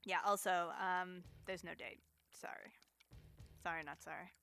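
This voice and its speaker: Woman streamer, casual jokey speedrun commentary, bright and punchy tone. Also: lowish voice, steady tone, a little slow, gravelly, faint music behind. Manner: playful, chatty, jokey asides to chat.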